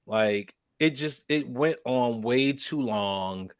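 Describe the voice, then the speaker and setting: A man's voice: mid-range voice, takes it slowly, smooth, no echo. A man co-hosting a casual chat, taking his time over every sentence. His delivery stretches out and breaks into gushing laughter when something amuses him. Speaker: podcast co-host.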